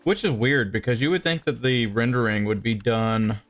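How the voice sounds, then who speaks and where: Man explaining mod commands, relaxed. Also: medium pitch, moderate pace. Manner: relaxed, explaining with restarts and chuckles. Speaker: developer of the game mod. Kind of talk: casual gaming chat on a stream. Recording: faint music behind.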